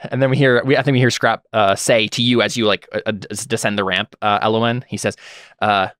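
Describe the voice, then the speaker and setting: A man running a tabletop role-playing session as game master, setting scenes for his players in a halting, filler-heavy way. His voice sits at an ordinary middle pitch, and the sound is dry and close, with no room echo. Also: fairly even intonation, fairly bright tone, clean tone. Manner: halting, many fillers and restarts.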